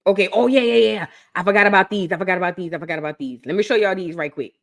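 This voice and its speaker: A young woman chatting excitedly with her viewers on a live stream, repeating phrases for emphasis. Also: medium pitch, racing, creaky. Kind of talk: casual live-stream chat.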